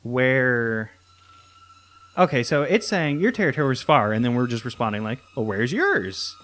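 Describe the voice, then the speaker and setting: A man's voice: medium pitch, big pitch swings, normal speed, a bit bright. A young man giving casual gameplay commentary, rambling and thinking aloud with lots of restarts. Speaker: let's play host.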